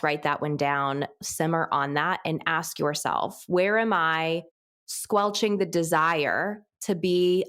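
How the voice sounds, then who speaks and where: A woman hosting a podcast interview, enthusiastic and reflective, who laughs easily and rises in pitch when excited. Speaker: podcast host. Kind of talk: conversational interview.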